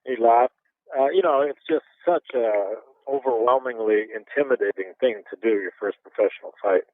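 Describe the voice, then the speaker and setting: A man's voice: mid-range voice, moderate pace, dry recording. A man in his fifties from Canada, animatedly telling stories in a casual interview and chuckling now and then. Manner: animated storyteller, chuckles often. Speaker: interview guest, former boxer. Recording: tinny phone-line sound.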